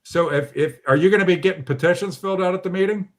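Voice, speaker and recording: Blunt, animated man hosting a call. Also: high voice, fast talker. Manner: blunt, animated, mildly profane. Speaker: host of a local politics livestream. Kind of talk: casual online discussion.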